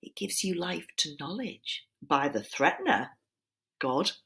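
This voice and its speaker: A woman voicing a sly, flattering male serpent tempter, wheedling and dropping into breathy whispers. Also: low voice, a little slow, heavily acted. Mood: persuasive. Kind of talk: dramatized reading of a poem.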